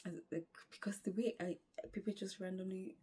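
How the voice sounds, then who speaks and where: A tired young woman from Nigeria, chatting through a lively, casual travel story outdoors. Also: medium pitch, fairly quick, breathy edge. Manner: animated, chatty, acts out quoted dialogue. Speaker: travel vlogger.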